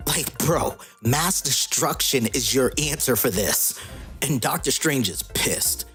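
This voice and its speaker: A man's voice: mid-range voice, expressive, takes it slowly, fairly bright tone, soft background music. A man narrating a comic story recap casually, with slangy, joking asides.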